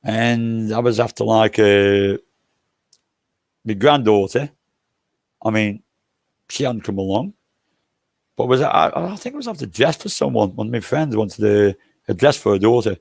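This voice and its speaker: A man's voice: on the low side, animated, unhurried, creaky, pauses often, a little mellow, no room sound, clean studio sound. An older man hosting a livestream, telling rambling, jokey anecdotes and swearing freely. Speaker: livestream host.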